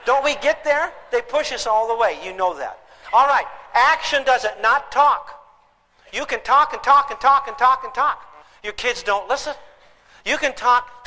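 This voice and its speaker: A man giving a humorous parenting lecture to an audience, animated and comic, acting out scenes with shouts. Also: very high voice, normal speed. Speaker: parenting speaker. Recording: long hall reverb.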